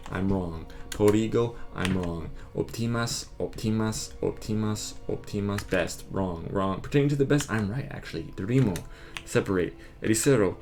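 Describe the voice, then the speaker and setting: A man quizzing himself on word cards, muttering terse answers and quick verdicts of right or wrong. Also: lowish voice, darkish tone. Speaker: vlogger drilling vocabulary.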